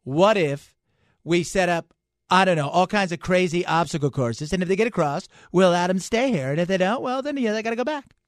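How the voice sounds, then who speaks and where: A man's voice: high voice, brisk, no room sound, studio quality. A male radio host doing a comic impression of a blustering president who rambles and repeats himself. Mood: rambling. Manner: rambling, excitable, repeats itself. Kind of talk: talk radio comedy bit.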